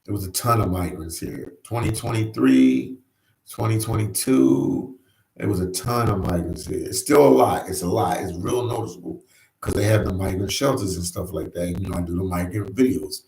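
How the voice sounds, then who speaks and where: Casting: laid-back male livestream host, lowish voice, echoey room, chats loosely with viewers. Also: moderate pace, vocal fry, a little mellow. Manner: easygoing, repeats phrases, says "man" often. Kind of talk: casual live chat. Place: New York.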